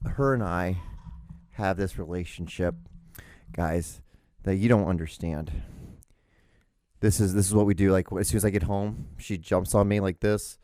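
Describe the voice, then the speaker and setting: A man talks in a loose, rambling podcast monologue from his home. He swears freely, stumbles over restarts, and gushes about his dog. His voice sits low and warm, and the sound is dry with no room echo. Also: fairly even intonation, a little slow, pauses often. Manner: rambling, profane, frequent restarts and fillers; gushing affection for his dog. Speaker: podcast host.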